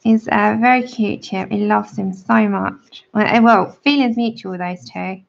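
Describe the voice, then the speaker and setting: A woman's voice: medium pitch, fairly even intonation, measured pace, creaky. A woman giving a chatty, friendly drawing tutorial on a livestream. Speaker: art tutor. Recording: dull lo-fi livestream audio.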